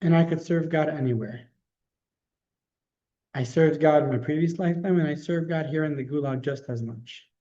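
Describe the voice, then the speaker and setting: A man voicing a devout male prisoner in a labor camp, earnest and calm as he reasons. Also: on the high side, normal speed, muffled recording, natural voice. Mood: steadfast.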